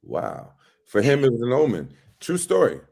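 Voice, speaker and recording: The middle-aged actor guest speaks at normal speed in a creaky, medium-pitched voice, chatting casually during an interview. He tells animated stories, acting out each quoted voice.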